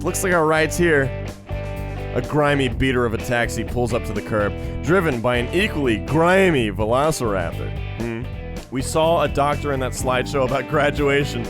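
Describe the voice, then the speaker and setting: Profane man reading a visual novel aloud. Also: medium pitch. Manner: sarcastic, profane, talks to chat. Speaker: streamer playing a visual novel. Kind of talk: reading game text aloud with casual commentary. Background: guitar music.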